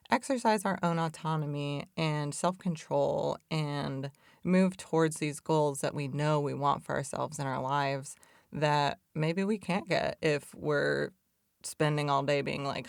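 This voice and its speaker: A podcast host talks loosely and chattily about addiction recovery in a reflective way, peppering her speech with "like" and "y'all." Her voice is low, creaky and smooth, captured in a dry, studio-quality recording.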